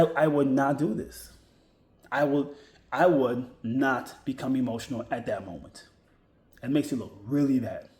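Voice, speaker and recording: A man's voice: medium pitch, darkish tone. A man talks straight to his viewers in a medium voice, hammering home his advice by repeating points and restarting his sentences. The room around him is roomy and echoey. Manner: emphatic, repeats key points, frequent restarts. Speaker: vlogger giving career advice. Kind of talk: casual advice monologue. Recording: roomy echo.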